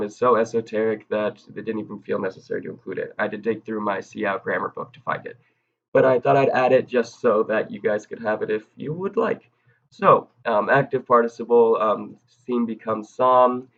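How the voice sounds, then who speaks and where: A man giving a recorded video grammar lesson in a casual, halting way, with frequent ums and self-corrections. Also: medium pitch, highs cut off. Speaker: grammar teacher.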